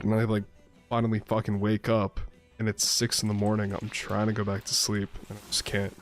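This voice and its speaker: Laid-back, low-voiced profane gamer guy. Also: completely flat delivery, brisk, faint music behind. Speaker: streamer playing a survival game. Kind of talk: casual gameplay chat and storytelling.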